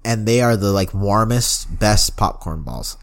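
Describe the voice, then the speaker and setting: A man's voice: fairly low pitch, a little slow. A young man co-hosting a podcast in casual chat, swearing often and saying "like" and "bro" a lot. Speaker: podcast co-host.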